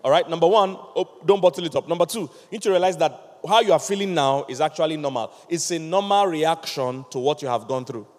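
A man preaching a lively sermon, acting out little scenes and laughing with his listeners. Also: fairly high pitch, fast, hardly any pauses, in a large hall. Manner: animated, acts out voices, laughs with the congregation.

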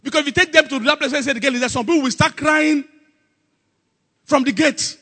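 A man preaching a sermon, animated and calling out questions for the congregation to answer. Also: very high voice, quick pace, in a large hall. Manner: animated, call-and-response with congregation, acts out Bible scenes.

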